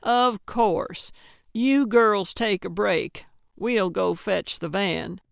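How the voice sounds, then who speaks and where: A woman's voice: mid-range voice, very slow, creaky, no room sound, studio quality. A woman voicing a spry, self-important elderly woman detective in an audiobook. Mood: confident. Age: older.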